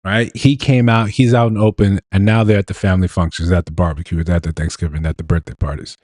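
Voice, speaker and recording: This host talks fast in a low-pitched, darkish voice with fairly even intonation. He gives casual live commentary on viral clips, chuckling and tossing out rhetorical questions, and the recording is dry and clean, studio quality.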